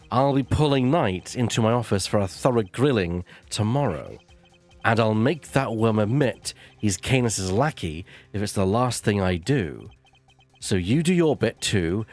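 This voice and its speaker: A stiff formal prosecutor guy played by a man, measured and dry, mid-pitched but his voice swings up and down a lot, with soft game music under him. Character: poised formal male prosecutor, adult.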